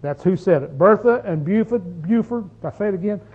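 Through narrow, tinny audio, a preacher with a high, husky, expressive voice drives home his sermon a little fast. He fires rhetorical questions at the congregation and stretches out key phrases for emphasis.

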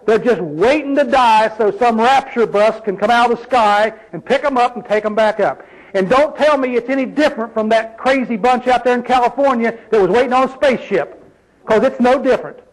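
A man's voice: extremely high pitch, a little fast, rough recording. A man preaching a sermon in an emphatic, folksy way, full of rhetorical questions.

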